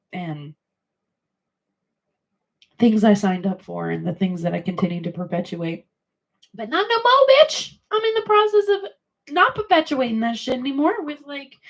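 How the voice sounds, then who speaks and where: A woman's voice: lowish voice, creaky, dark tone, husky. A woman in her thirties hosting a casual chat on her stream, her morning voice crackly and congested, rambling and swearing freely. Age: 30s. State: congested from allergies. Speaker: livestream host.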